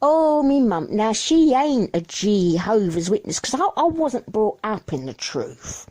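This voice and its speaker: A woman's voice: medium pitch, big pitch swings, a little slow, mellow. A woman giving a rambling, worried confessional monologue about her family, repeating herself and restarting her sentences. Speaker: mother sharing her troubles.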